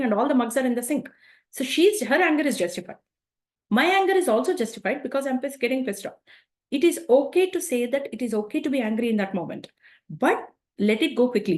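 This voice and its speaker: A woman's voice: on the high side, a little mellow. A woman giving a spoken self-help talk in a conversational way, often adding tag questions as she explains. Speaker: speaker on emotions.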